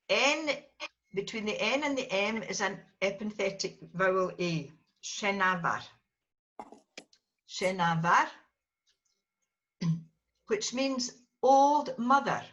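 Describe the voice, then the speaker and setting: A woman teaches a small class at an unhurried pace, her bright, clear voice calling on learners one by one and patiently correcting how they say each word. The recording is dull and lo-fi. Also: mid-range voice. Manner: patient, drills students by name and corrects pronunciation. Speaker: language teacher.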